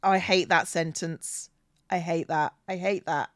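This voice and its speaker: A woman's voice: lowish voice, fairly even intonation, a little slow, fairly bright tone, no room sound, studio quality. A woman streaming a game, casually chatting and scolding the characters on screen. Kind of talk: casual gameplay chat.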